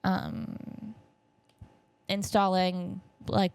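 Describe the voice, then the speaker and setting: A woman in her twenties with a stuffy nose talks in a loose, rambling podcast style, full of "like" and "um" and side tangents. Her voice has a gravelly fry to it. It sounds dry and close, with no room sound around her. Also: medium pitch, little pitch movement, very slow, a little mellow, dry recording. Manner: rambling, chatty, lots of fillers and asides. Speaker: podcast host. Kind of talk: casual solo podcast recap. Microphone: camera setup.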